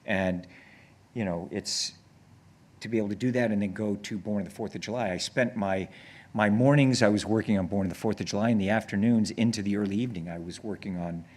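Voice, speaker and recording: A man guest on stage, telling long rambling anecdotes with many restarts and growing excited as he goes. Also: fairly low pitch, fairly quick. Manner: grows excited and laughs when telling stories. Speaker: actor guest. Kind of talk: casual on-stage conversation. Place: on stage before an audience.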